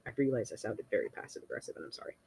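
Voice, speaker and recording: A young man with a husky voice narrating as game master, dry and teasing. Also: on the low side, very animated, racing, darkish tone. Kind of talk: narrating a tabletop game over voice chat.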